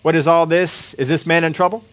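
A man's voice: fairly high pitch, fairly even intonation, brisk, close to an everyday voice. A man doing an impatient, curt cafeteria boss.

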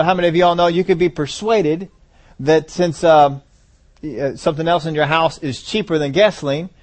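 A man's voice: a little high, darkish tone. A man preaching a sermon, asking the congregation rhetorical questions and repeating phrases for emphasis.

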